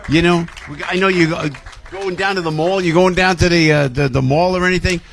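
An older man hosting a radio show, talking in loud, animated banter full of laughs and shouts. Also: high voice, a little fast, creaky. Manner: excitable, shouting and laughing, New York showman banter. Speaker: radio host.

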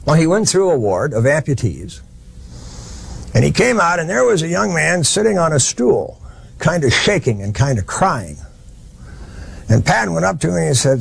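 A man's voice: on the high side, sing-song, moderate pace, vocal fry, husky. A man giving a history lecture, telling it as a plain-spoken, folksy story with frequent restarts.

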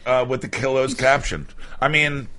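A man's voice: medium pitch, a little slow, sharp tone. Rambling, laughing radio co-host man. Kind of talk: casual radio banter.

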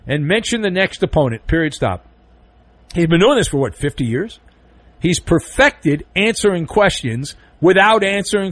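A man's voice: high voice, lively intonation, moderate pace, fairly bright tone, no room sound. A man hosting an overnight sports radio show, delivering a sarcastic, theatrical monologue full of jokes into a studio microphone. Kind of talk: animated sports talk monologue.

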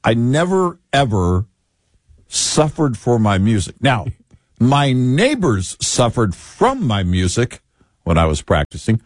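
A man's voice: mid-range voice, huge pitch swings, slow, dry recording, clean studio sound. A man co-hosting a casual political talk show, chiming in often with short agreements.

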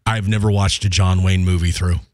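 Low-voiced radio host, dry studio sound. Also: male voice, steady tone, fairly quick, no echo. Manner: rambling, stumbling, self-mocking. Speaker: radio morning show host. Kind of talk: casual morning radio banter. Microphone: studio microphone.

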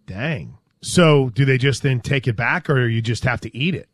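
A man hosting a sports talk show, animated and joking as he chats with his co-host. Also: mid-range voice, normal speed, no room sound, clean studio sound.

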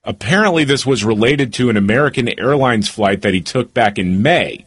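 Animated husky talk show man. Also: mid-range voice, normal speed. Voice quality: animated, amused storyteller. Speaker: co-host. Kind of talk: casual talk show chat.

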